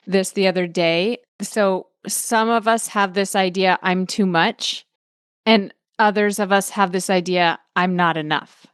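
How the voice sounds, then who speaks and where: A woman's voice: medium pitch, fairly bright tone, clear, resonant tone, no room sound, studio quality. A woman podcast host chatting casually, enthusiastic and effusive. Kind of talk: casual chat.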